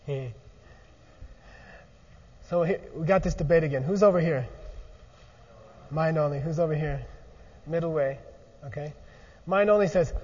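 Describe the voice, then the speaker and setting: Animated male lecturer in an echoey hall. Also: fairly high pitch, unhurried, pauses often. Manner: animated, often checks in with 'okay?'. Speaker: teacher. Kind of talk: lively philosophy lecture. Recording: muffled recording in a large echoey hall.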